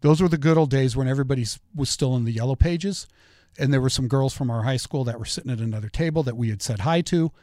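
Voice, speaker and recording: Man, middle-aged, opinionated commentary host, conversational storyteller, mid pitch. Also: fast talker, warm tone, no echo, clean studio sound. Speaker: political commentary show host. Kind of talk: solo political commentary.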